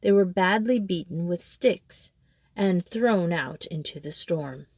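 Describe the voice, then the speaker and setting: A woman reading a children's storybook aloud in a steady, expressive way. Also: fairly low pitch, slow pace, no room sound, clean studio sound. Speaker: storybook reader. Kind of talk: storybook narration.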